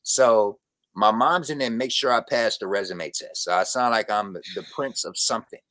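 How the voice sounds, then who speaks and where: A man with a very low voice talks as a guest on a casual podcast. He is relaxed and slangy and laughs easily. The sound is close and dry. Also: normal speed, no echo. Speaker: sports reporter and guest.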